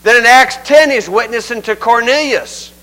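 Older male preacher, high and crisp voice, homespun conversational delivery. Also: normal speed, pushed and bright, poor audio. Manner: folksy, conversational, acts out scripture quotes. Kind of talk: sermon.

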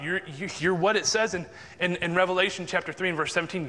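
A man tells a personal faith story in a casual, unpolished way, full of restarts and acted-out inner quotes. His voice sits slightly high and sounds bright. A long reverb hangs behind it, as if he were in a hall. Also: quick pace. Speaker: Christian speaker sharing a testimony. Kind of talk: casual spoken devotional talk.

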